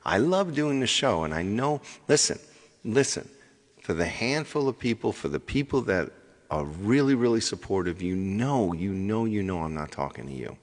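With a lowish, sing-song voice at normal speed, this middle-aged live-stream host and singer chats to his viewers in a big-sounding room. His talk on his own music show is rambling and repetitive, addressed directly to the folks watching.

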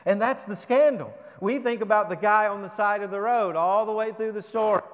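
Pastor guy preaching, pretty high voice, lots of rhetorical questions, long echo from a big church hall. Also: fairly quick, a bit bright. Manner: emphatic, rhetorical questions, repeats words. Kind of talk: sermon. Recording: long reverb of a large hall.

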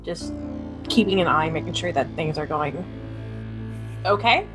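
Woman, lowish voice, gentle and hesitant player; soft music behind. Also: expressive, a little slow. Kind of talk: describing her character's actions in a tabletop game.

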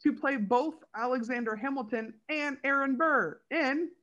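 A woman co-hosting a casual podcast, talking through a TV episode with fan enthusiasm. Her speech is loose and chatty, scattered with "like" and quick asides. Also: high-pitched, fairly bright tone, highs cut off. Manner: chatty and enthusiastic, many "like" fillers. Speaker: podcast co-host.

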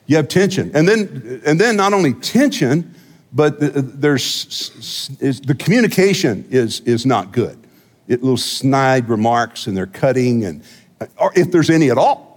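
Joking pastor preaching in a reverberant sanctuary. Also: male voice, mid-range voice. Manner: conversational and joking, with frequent restarts and repetitions. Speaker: senior pastor. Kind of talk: sermon. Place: church sanctuary.

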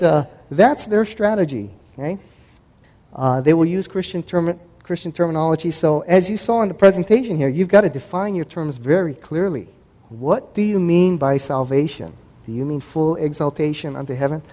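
Man, live talk to an audience, conversational, acts out dialogues, mellow voice, reverberant hall. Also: a little high. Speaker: host and Christian apologetics speaker. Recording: echoey hall with long reverb.

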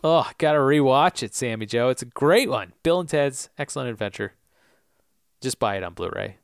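A man's voice: mid-range voice, animated, normal speed, creaky, clear, resonant tone, no echo, studio quality. A man co-hosting a casual podcast, recapping a TV episode and jumping into silly character voices. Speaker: podcast co-host.

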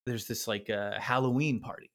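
Casting: man, 30s, bright voice, self-deprecating rambler in relaxed podcast chat. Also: mid-range voice, normal speed. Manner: rambling, self-deprecating storyteller with frequent laughs. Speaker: podcast guest.

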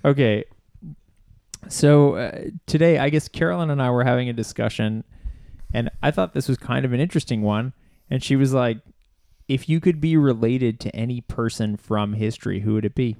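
A man's voice: medium pitch, moderate pace, creaky, darkish tone, dry recording, clean studio sound. A man co-hosting a casual podcast chat, joking around and laughing with friends. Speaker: podcast co-host.

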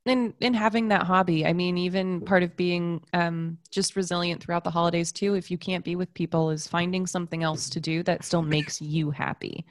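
A woman's voice: on the low side, fairly even intonation, a little fast, hardly any pauses, no echo, studio quality. A woman co-hosting a podcast in casual chat, hungover, talking loosely and laughing often. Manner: chatty, laughs often, self-deprecating. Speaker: podcast co-host.

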